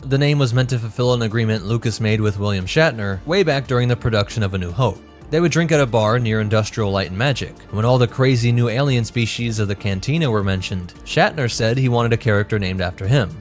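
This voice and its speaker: A man hosting a lore channel, giving brisk, informative scripted narration. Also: mid-range voice, faint music behind.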